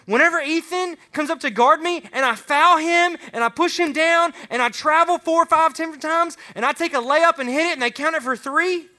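Excitable man preaching to students. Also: very high-pitched, normal speed, hardly any pauses. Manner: casual, joking, excitable, talks straight to the students. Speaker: youth pastor. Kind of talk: youth sermon. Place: room with a student audience.

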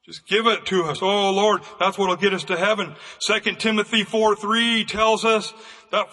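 A man preaching a fervent sermon as pastor, with bursts of raised, shouting emphasis. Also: sits high, fairly even intonation, normal speed, long reverb tail.

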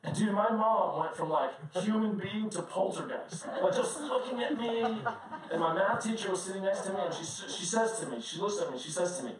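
High-voiced pastor, distant and echoey. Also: male voice, a little fast, a crowd in the background. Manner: conversational, animated, often laughing while telling stories. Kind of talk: sermon with personal storytelling. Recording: very echoey room, distant mic, faint noise.

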